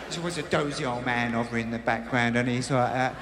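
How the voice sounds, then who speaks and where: British stand-up comic in a large hall. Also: male voice, medium pitch, fairly quick, noisy background. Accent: British English. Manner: wry storytelling. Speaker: stand-up comedian. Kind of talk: stand-up routine.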